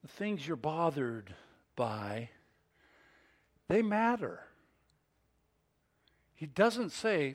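A male pastor preaching a sermon in an expressive way, acting out scripture scenes. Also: fairly high pitch, extremely slow, long pauses.

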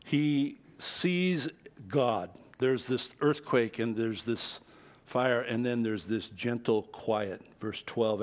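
A male pastor delivering a sermon in a mid-pitched voice. He reads scripture and explains it in a conversational way. He throws sudden bursts of height and volume onto key words. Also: takes it slowly. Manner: expressive, with big jumps in pitch and loudness for emphasis.

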